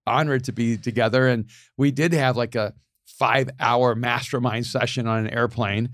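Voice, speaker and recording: A middle-aged man in a casual conversation, animated, laughing often and repeating words as he starts sentences. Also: mid-range voice, moderate pace, dry recording, clean studio sound.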